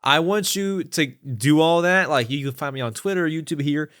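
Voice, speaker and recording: Slightly high-voiced male podcast host. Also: moderate pace, fairly bright tone, clean tone. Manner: friendly, upbeat sign-off banter. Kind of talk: casual podcast chat.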